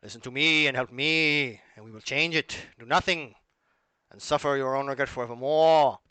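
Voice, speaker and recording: A man voicing a slick male TV ad salesman, with a theatrical, booming sales pitch. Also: normal speed, pushed and bright, smooth, dry recording, close to an everyday voice. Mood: grandiose.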